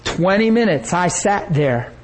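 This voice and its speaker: A man preaching a sermon, telling a story with lively energy and acting out the people he quotes. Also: high-pitched, measured pace, slight background noise, low-quality recording.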